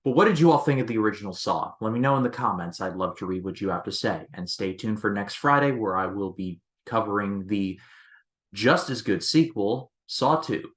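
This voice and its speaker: A man's voice: fairly low pitch, animated, fairly quick, fairly bright tone. A man hosting a movie review channel, talking casually and rambling, often restarting and leaning on filler words. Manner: rambling, leans on "basically" and restarts.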